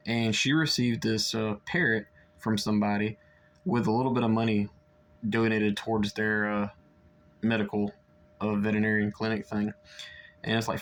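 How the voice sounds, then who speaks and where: A young man chatting casually through a book review, rambling with lots of fillers and restarts. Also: fairly low pitch.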